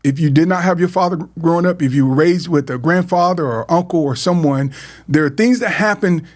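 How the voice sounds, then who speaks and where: A middle-aged podcast host with a fairly high voice speaks a little fast, earnestly recounting his life in a heartfelt personal talk. He often repeats words and starts over.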